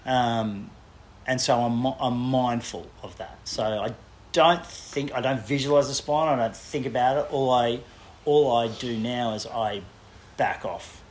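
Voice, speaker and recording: A man being interviewed as a guest coach, talking reflectively and haltingly. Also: mid-range voice, slight background noise. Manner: reflective, hesitant with restarts and "you know". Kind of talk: casual chat.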